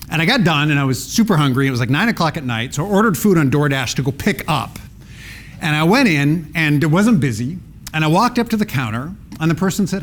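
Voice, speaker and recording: A man's voice: medium pitch, slight background noise. A middle-aged man giving a playful talk to an audience, acting out everyday dialogues with raised voices. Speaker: public speaking teacher giving a talk.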